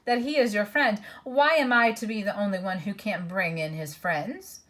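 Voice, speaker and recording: A woman's voice: mid-range voice, moderate pace, fairly bright tone, close to an everyday voice. A woman voicing a surly, quarrelsome male dwarf who snarls and sneers. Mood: snarling.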